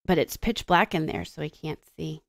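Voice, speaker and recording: A woman teacher reading a story aloud to children and explaining it, with expressive storytelling and dramatic pauses. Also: low voice, vocal fry, no room sound, clean studio sound.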